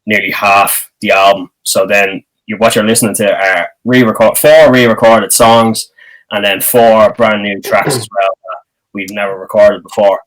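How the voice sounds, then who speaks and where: Low-voiced Irish man explaining. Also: a bit bright, poor audio. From Ireland. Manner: explaining at length, hesitant fillers. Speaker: band member. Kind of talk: casual interview explanation.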